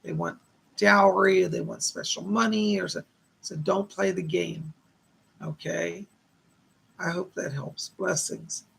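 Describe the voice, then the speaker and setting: A man doing live psychic readings on a stream, calmly reassuring viewers and passing on messages. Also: high-pitched, a little slow, vocal fry, slightly rough. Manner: reassuring, relays spirit messages, reads viewer questions aloud.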